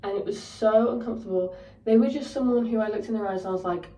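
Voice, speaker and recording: A woman's voice: fairly high pitch, fast, mellow, distant mic. Sweary young woman ranting in an echoey room. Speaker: vlogger. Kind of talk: casual storytelling. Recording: roomy echo, voice set back from the mic.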